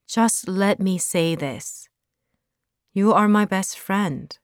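A woman reading as a gentle teenage boy. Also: mid-range voice, takes it slowly, no echo, studio quality, close to an everyday voice. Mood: pleading. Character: teenage boy, gentle hopeful best friend.

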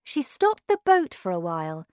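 A woman's voice: lowish voice, wildly swooping pitch, moderate pace, dry recording, studio quality. A woman narrating a children's storybook aloud. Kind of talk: storybook reading.

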